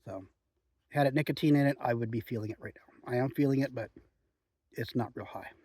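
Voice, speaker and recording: A man's voice: mid-range voice, brisk, husky, dry recording. Laid-back guy talking in the woods, lots of ums, dry sound. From Oregon. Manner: chatty, relaxed, frequent "um" and "you know". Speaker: outdoor vlogger reviewing chewing tobacco. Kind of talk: rambling casual monologue. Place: outdoors in the woods.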